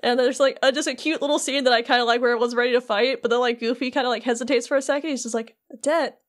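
High-voiced woman recapping a game. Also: rapid-fire. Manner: animated storyteller who acts out scenes. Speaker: podcast co-host. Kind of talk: casual chat.

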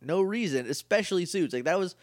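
A man's voice: high-pitched, no room sound, studio quality. A man co-hosting a podcast, recapping a show in casual chat, talking animatedly with many "like" fillers. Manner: animated, quick, lots of "like" fillers. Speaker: podcast co-host.

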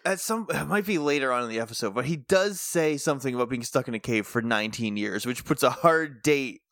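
A man's voice: medium pitch, animated, brisk, fairly bright tone, no room sound, studio quality. Wry, joking podcast co-host man. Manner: wry, joking, laughs often. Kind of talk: casual chat.

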